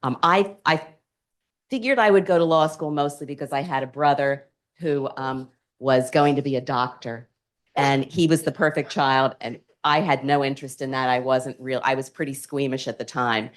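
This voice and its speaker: A woman, an alumna panelist telling lively stories and acting out the people in them. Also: extremely low pitch, moderate pace. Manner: animated storyteller acting out quotes. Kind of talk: storytelling on a panel.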